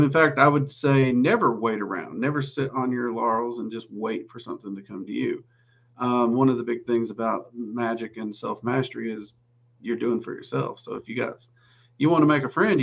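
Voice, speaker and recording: Casual Southern-accented male host, rambling Q&A on a home stream, gravelly edge. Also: medium pitch, a little fast. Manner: chatty and rambling, with many "um"s. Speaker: livestream host answering viewer questions. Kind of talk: casual livestream Q&A.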